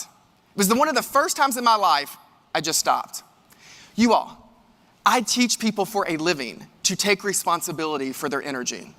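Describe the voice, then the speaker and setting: Male keynote speaker, high bright voice, animated storyteller, big hall reverb. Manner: animated, addresses the audience directly. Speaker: keynote speaker and leadership coach. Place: large event hall.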